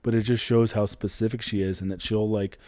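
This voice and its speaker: Deep-voiced man teasing dryly, close and dry. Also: level tone, fairly quick, warm tone, no room sound. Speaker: podcast co-host. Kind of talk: casual chat.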